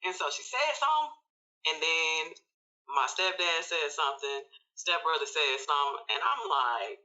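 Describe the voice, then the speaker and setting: Bright, lively woman telling her story. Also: moderate pace. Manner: vivid, acts out her own past words with big pitch jumps; laughs and sighs while telling. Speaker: podcast guest, social worker. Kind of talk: animated personal storytelling. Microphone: remote call. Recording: distant, dull remote audio.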